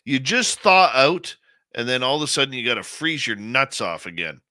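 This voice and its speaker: A man's voice: medium pitch, big pitch swings, moderate pace, bright, forceful tone, no room sound, studio quality. A man hosting a live radio show in casual chat, greeting listeners and reading their comments aloud on a headset microphone.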